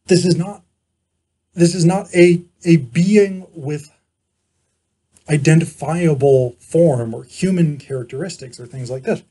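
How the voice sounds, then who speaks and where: A man giving an informal philosophy lecture. He explains in a measured way, pausing often and correcting himself as he goes. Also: on the high side, mellow, husky. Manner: measured explaining, frequent pauses and self-corrections.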